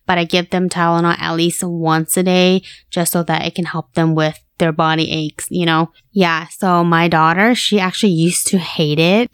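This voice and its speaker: A woman's voice: lowish voice, clear, resonant tone, dry recording, studio quality. A young woman hosting a podcast, chatting candidly and casually about her family and swearing now and then. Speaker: podcast host. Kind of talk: casual personal chat.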